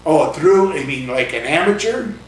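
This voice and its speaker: A blunt, no-nonsense older man recalling his coaching years in a casual interview, his voice sitting a bit high for a man. He is recorded from a distance in a roomy space, with faint ambience behind him. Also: lively intonation, moderate pace, slight background noise. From California. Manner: blunt, no-nonsense, rambling with fillers. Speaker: interviewee, former baseball coach. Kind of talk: casual oral-history interview.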